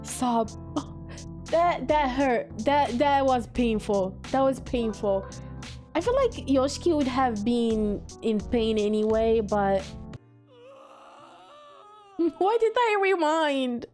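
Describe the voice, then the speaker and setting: Reaction host, female, raised pitch, slow and drawn-out, exclaims and muses aloud. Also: lively intonation, darkish tone, soft background music. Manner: emotional, exclaiming, thinks aloud. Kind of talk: casual reaction commentary.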